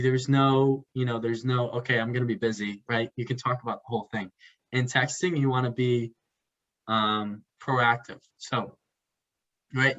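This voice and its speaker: Halting man on a dull lo-fi mic. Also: mid-range voice, a bit bright. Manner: halting, searching for words mid-sentence. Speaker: podcast co-host. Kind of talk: casual advice chat. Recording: dull lo-fi sound.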